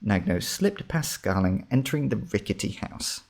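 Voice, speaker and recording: A man narrating a comic fantasy story in a steady, measured reading. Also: mid-range voice, creaky.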